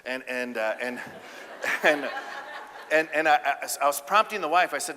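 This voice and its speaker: A man giving an animated, humorous keynote speech about relationships on a conference stage. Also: fairly high pitch, a little slow, long pauses, slight background noise. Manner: animated, acts out voices, audience banter. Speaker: keynote speaker and relationship counselor. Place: conference stage before a live audience. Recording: echoey conference hall.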